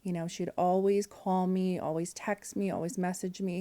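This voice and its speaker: A woman in her forties tells a personal story on a podcast, candid and emotional. Her voice sits a little low and sounds warm and mellow. She fills gaps with "um" and acts out what people said. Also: level tone, moderate pace, few pauses. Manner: candid, emotional, with frequent fillers and quoted dialogue. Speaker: podcast guest.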